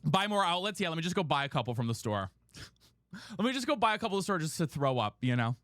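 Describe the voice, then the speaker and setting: A male streamer chatting casually with his viewers, his voice lively and swinging up and down. The tone is bright and slightly higher than most men's, and he slips easily into exasperated rants. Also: quick pace, dry recording, clean studio sound. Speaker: live streamer. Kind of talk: casual chat while gaming. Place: room at home.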